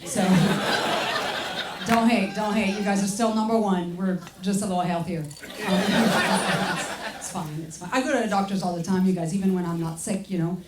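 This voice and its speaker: A woman's voice: mid-range voice, fairly even intonation, normal speed. French woman doing stand-up in a club. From France. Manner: wry, teasing the audience, acts out voices. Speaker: stand-up comedian. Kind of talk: stand-up set. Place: comedy club stage. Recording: roomy club sound from a distance, crowd noise.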